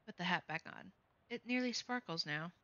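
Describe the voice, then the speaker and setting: A woman reads a game's narration aloud and tosses in playful asides, her voice lowish and bright, almost forceful. The sound is dull and lo-fi, with a faint hiss underneath. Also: animated, moderate pace, no room sound. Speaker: streamer playing a text game. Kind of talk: reading game text aloud and commenting.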